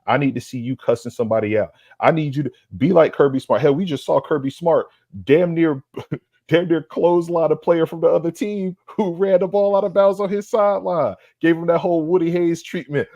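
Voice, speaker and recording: A slightly high, dark-toned male voice speaks briskly, with no room sound around it. He's co-hosting a sports podcast and roasting someone in a heated, profane rant, leaning on streetwise slang and saying lines again for punch.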